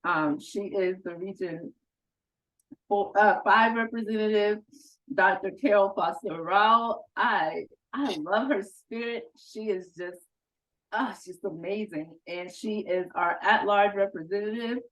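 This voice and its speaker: A woman as outgoing conference president giving a heartfelt, halting thank-you speech, fighting back tears. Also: mid-range voice, a bit bright, rough recording. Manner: heartfelt, halting, with fillers and laughs.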